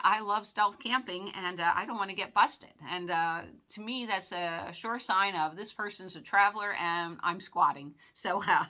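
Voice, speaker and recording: A woman's voice: medium pitch, bright, forceful tone. A woman in her sixties hosting a vlog, chatting casually to viewers in a rambling, folksy way full of filler words. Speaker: vlog host.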